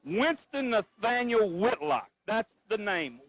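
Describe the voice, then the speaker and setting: A man's voice: high voice, animated, takes it slowly, few pauses, fairly bright tone, dry recording, low-quality recording. A man doing wrestling color commentary with blustery, insulting banter.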